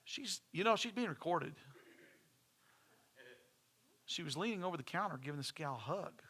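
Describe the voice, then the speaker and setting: A man's voice: fairly high pitch, lively intonation, fast, sharp tone, breathy edge. A middle-aged man, preaching a sermon in church with folksy stories and phrases repeated for emphasis. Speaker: pastor.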